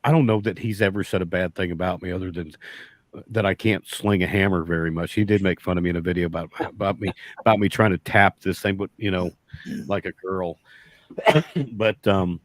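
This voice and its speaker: A man's voice: deep voice, fairly even intonation, a little fast, dry recording. A man, a beekeeper guest telling a long folksy story in casual chat, rambling and restarting often.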